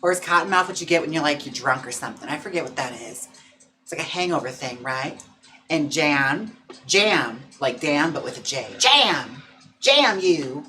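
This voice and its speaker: A man's voice: a little high, expressive, moderate pace, bright, forceful tone, soft background music. A drag queen hosting a casual livestream, chatting playfully and campily with viewers. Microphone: own mic.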